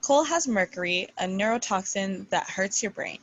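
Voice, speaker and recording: A woman's voice: medium pitch, lively intonation, normal speed, no echo, low-quality recording. A woman reads prepared remarks steadily from a script, then puts a question to a guest.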